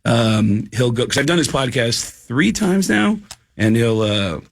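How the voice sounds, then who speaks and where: Gravelly-voiced man telling stories. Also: mid-range voice, unhurried. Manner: animated storyteller, doing voices in anecdotes. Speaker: guest comedian. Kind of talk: casual storytelling on a radio podcast.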